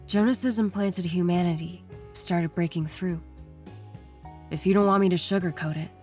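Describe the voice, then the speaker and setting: A woman with a somewhat low voice reads horror stories aloud in a tense, scripted storytelling style. Faint music plays softly behind her.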